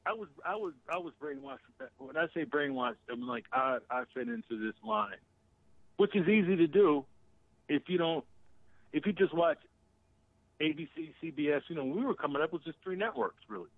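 Man, gravelly voice, phone-line sound, emphatic, swears. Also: a little high, animated, brisk, no echo. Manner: emphatic, swears, repeats himself. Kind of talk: casual political talk.

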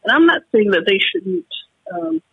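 Husky, high-voiced woman on a phone line. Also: lively intonation, no echo. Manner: halting, emotional, frustrated. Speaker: caller. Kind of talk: talk radio call-in. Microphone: telephone.

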